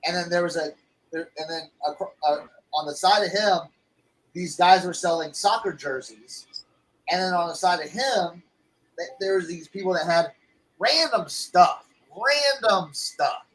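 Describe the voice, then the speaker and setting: A man with a high, bright voice chats casually with a friend. He tells his story with energy and slips into quick voices for the people in it. His tone stays loose and relaxed. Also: rough recording. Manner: animated storyteller, acts out voices in anecdotes. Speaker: co-host. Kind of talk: casual chat.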